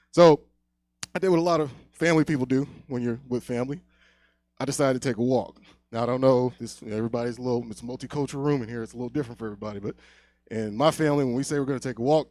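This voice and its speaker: A young man doing a stand-up set on a comedy club stage, telling a long story, often dropping to a hush, then getting loud again. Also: mid-range voice, no echo. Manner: loose storytelling, swings loud and quiet.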